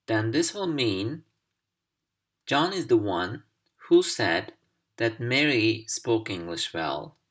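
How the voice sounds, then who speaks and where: A man teaching English over slides, speaking slowly and deliberately with careful pauses. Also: on the low side, sing-song, a bit bright. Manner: slow, deliberate, carefully paced. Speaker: English language instructor. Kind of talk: slide-based recorded lesson.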